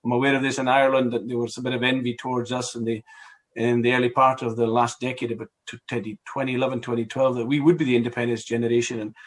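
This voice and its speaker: A man's voice: mid-range voice, level tone, quick pace. A middle-aged man from Scotland, speaking as a guest MP in a casual political discussion, rambling with many fillers, restarts and wry asides.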